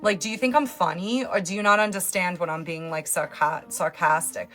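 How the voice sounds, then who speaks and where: A woman's voice: fairly low pitch, brisk. Sarcastic New woman livestreaming. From New York. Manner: sarcastic, teasing, loud and lively. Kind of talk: casual live-stream chat, reading comments.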